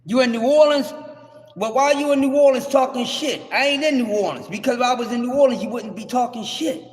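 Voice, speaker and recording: Brash, high-voiced man ranting live. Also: brisk. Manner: brash, cursing, trash-talking; loud, rising to shouts. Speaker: livestream host. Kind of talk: heated livestream rant. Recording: echoey room with long reverb.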